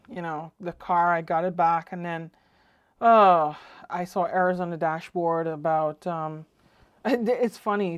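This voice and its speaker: A woman's voice: fairly low pitch, smooth, no room sound, studio quality. A woman hosting her own ham radio live stream, chatting casually and rambling with lots of fillers. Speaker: ham radio channel host. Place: home radio shack.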